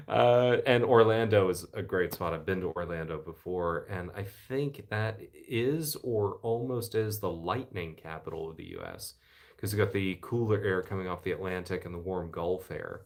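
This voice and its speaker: A middle-aged American man with a low baritone voice, chatting in an easygoing way from his living room. He reads viewer greetings aloud with enthusiastic little asides. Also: normal speed, darkish tone. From United States. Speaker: channel host reading live chat. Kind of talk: casual live-stream chat. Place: home living room by the fireside.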